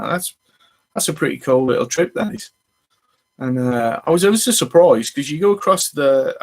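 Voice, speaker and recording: A man hosting a fishing channel, chatting casually on a live stream and greeting viewers as they arrive. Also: medium pitch.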